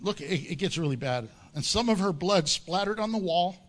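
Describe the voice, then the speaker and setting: A man's voice: high voice, moderate pace. A man preaching a sermon, telling a story with jokes and acting out the characters' lines. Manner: animated storytelling with jokes and acted-out voices. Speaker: pastor.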